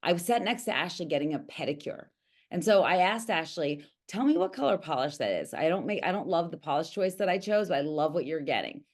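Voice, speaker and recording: A woman's voice: low-pitched, very animated, fairly quick. A woman leading a coaching team call over a video call, enthusiastic and effusive with praise.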